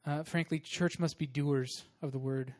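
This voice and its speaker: A man, a young adult pastor, preaching a sermon in a casual, animated storytelling way. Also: fairly high pitch, moderate pace.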